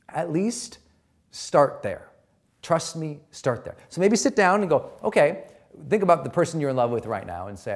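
A middle-aged man giving an emphatic motivational talk as a personal growth coach, repeating his key points. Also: on the high side.

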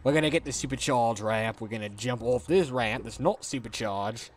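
A man voicing a cheerful Australian bloke in a put-on Australian accent, with a low drawl, calling his listeners mates. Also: normal speed, close to an everyday voice. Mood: mock-hearty. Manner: drawling, lower-pitched, calls listeners mates.

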